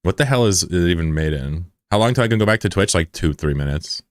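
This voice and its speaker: A man hosts a live stream in casual chat, teasing viewers with crude, joking banter. His voice sits low, and the sound is close and dry with no room echo. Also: animated, quick pace.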